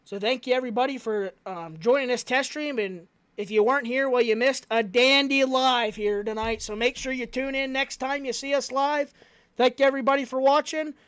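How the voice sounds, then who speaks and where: Man, very high voice, race announcer, energetic rapid-fire play-by-play. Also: clean tone. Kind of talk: live racing play-by-play commentary.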